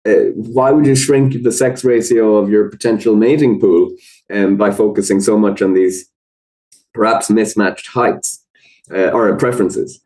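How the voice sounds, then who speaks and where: A man with an Irish accent, a podcast guest explaining research in a thoughtful, measured way with frequent fillers. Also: lowish voice, fairly even intonation, a little mellow, rough recording. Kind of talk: conversational explanation.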